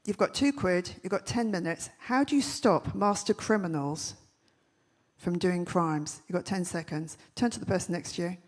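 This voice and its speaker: Her voice a little low and husky, a woman works a large festival stage with a comic keynote, brash and punchy, trading quick jokes through her stories.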